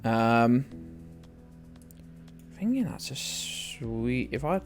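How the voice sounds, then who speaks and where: A man's voice: medium pitch, sing-song, drawn-out words. A young British man live-streaming a game, rambling and joking with viewers and swearing freely. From United Kingdom. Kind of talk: casual live-stream chat while playing. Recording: faint music in the background.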